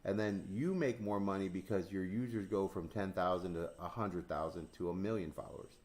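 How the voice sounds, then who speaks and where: A man with a fairly low voice chats casually as host of a crypto stream. He tells animated stories, acts out both sides of conversations, swears freely and laughs a lot. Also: brisk. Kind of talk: casual chat.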